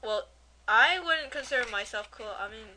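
Bright young woman, dry teasing chat. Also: fairly high pitch, lively intonation, moderate pace, slight background noise, low-quality recording. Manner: dry, teasing, filler-heavy. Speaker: podcast co-host. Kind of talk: casual chat.

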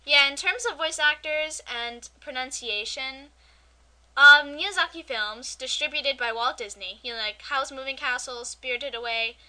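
A young woman co-hosting an amateur podcast, chatting casually and ranting with animated energy. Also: sits high. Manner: chatty, animated, quick to rant. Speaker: podcast co-host.

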